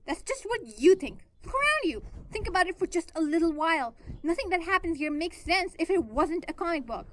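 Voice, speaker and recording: A woman's voice: a little fast, few pauses, fairly bright tone, dry recording. A woman reading fan fiction aloud, voicing a bitter, brash young female antihero who snaps and rants. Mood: angry ranting. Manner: shrill, ranting and snappish.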